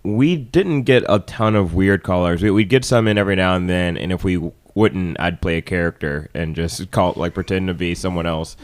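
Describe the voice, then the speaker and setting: Low-pitched guy on a podcast, stops and restarts a lot, chill chat. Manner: halting, many fillers and restarts. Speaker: guest.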